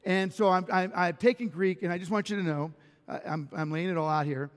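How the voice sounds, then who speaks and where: A man's voice: high voice, a little fast, long reverb tail. A man pastor delivering a sermon, telling personal stories animatedly with self-deprecating humor and frequent restarts. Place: church sanctuary.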